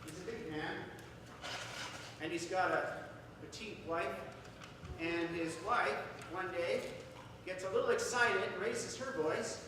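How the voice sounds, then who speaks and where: A man's voice: high-pitched, takes it slowly, long pauses, background noise. Man lecturing in an echoey hall. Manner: storytelling with acted-out voices. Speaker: speaker. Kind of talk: seminar talk to an audience. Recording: echoey hall, distant mic.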